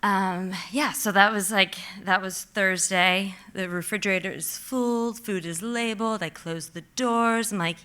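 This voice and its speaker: Woman storyteller, live stage, bright tone, animated and chatty, heavy "like". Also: medium pitch, a little slow, hardly any pauses, clear, resonant tone. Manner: animated, vivid, heavy use of "like"; acts out her own past panic in quotes.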